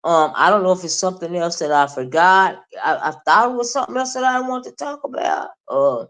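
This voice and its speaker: A woman's voice: fairly low pitch, animated, fairly quick. A woman streamer giving a casual, meandering commentary monologue, full of fillers and restarts. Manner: chatty, meandering, with many fillers; loud mocking imitations, laughing.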